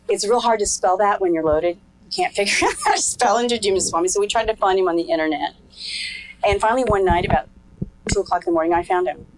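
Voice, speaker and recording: A middle-aged woman tells her life story in an interview, candid, frank and earthy, with occasional laughter. Her voice sits on the low side, and the recording is low quality.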